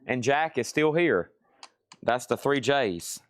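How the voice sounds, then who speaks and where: A man hosting a live sale from a shop, briskly listing items and prices with chatty asides. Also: mid-range voice, lively intonation, smooth. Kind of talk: live-stream sales patter. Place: record shop.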